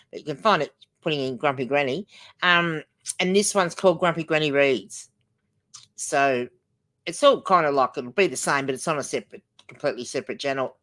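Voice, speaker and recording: A grandmotherly older woman chats loosely through a livestream, her voice sitting a little low. She rambles from one thought to the next and reads viewer comments aloud as she goes. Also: a bit bright. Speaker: livestream host. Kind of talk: casual livestream chat.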